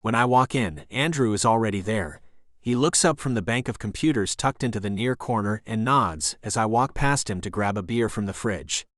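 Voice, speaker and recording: A man reading a first-person romance audiobook in a steady, even narration. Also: fairly low pitch, normal speed, no echo, clean studio sound.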